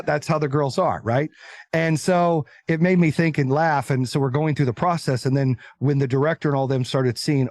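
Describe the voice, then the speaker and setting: A man's voice: fairly high pitch, fairly quick, dry recording. A man talking as a guest entrepreneur in a casual interview, blunt and confident, acting out the voices of the people in his stories. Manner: animated storyteller, acts out quoted voices.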